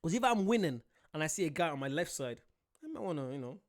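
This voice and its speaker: A British man hosting a casual reaction video, excitable, laughing often and talking straight to his viewers. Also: fairly high pitch, fast talker.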